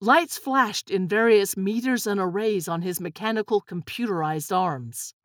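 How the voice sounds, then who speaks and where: A woman reading a storybook aloud in an expressive, unhurried way. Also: medium pitch, no room sound, clean studio sound. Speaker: narrator.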